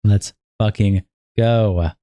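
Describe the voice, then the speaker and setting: A man's voice: on the low side, steady tone, very slow, warm tone, dry recording. A young man livestreaming, reading a long document aloud in a casual, profane, sleepy way with bursts of hype. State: sleepy, yawning. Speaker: streamer.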